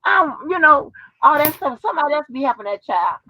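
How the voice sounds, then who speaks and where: A woman's voice: high voice, very animated, brisk. Brash slangy woman on a lo-fi stream. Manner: brash, slangy, swears freely. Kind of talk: casual chat.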